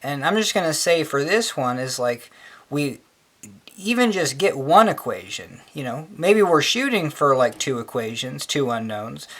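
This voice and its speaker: A man's voice: fairly high pitch, very animated, a little slow, a bit bright. A man talking through a math logic puzzle, chatty and full of fillers, often cheering himself on and trailing off. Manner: chatty, filler-heavy, says "hell yeah" a lot. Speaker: math tutor. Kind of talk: rambling casual explainer.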